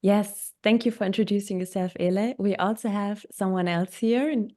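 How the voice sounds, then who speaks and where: A woman with a German accent hosts a coaching podcast, her voice mellow and mid-pitched. She talks with enthusiasm in a casual interview, English being her second language. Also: normal speed. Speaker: podcast host.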